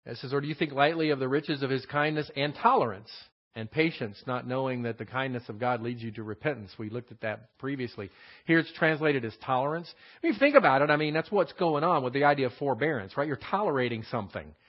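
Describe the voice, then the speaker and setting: A man's voice: mid-range voice, lively intonation, fast. Man teaching scripture, dull lo-fi sound. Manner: explanatory, with frequent fillers and rhetorical questions. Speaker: Bible teacher. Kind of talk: verse-by-verse Bible study lesson.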